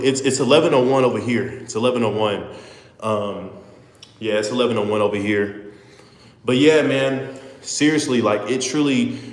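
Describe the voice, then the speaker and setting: A nineteen-year-old man chats loosely and sincerely with his livestream viewers, stumbling over restarts and saying bro at every turn. His voice sits at a middling pitch. The room around him is echoey, with a reverb that hangs on. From Houston, Texas. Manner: rambling and earnest, full of "bro" and restarts. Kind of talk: casual live chat with viewers.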